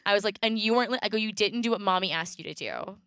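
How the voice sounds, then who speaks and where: A woman in her thirties telling a story on a casual podcast chat, animated and laughing often as she acts out voices. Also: medium pitch, fast, clean tone, no room sound, studio quality. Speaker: podcast co-host; mother.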